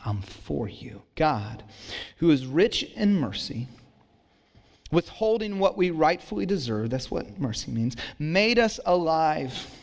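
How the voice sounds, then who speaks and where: A pastor preaching a sermon in church, moving between hushed and emphatic delivery and calling on the congregation. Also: male voice, on the high side. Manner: calls on the congregation for responses.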